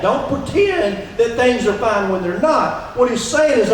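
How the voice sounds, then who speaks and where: A man's voice: sits high, lively intonation, brisk, a little hiss or hum. A man preaching a sermon as pastor, talking conversationally and often asking the congregation questions. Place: church sanctuary. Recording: echoey church hall from a distance.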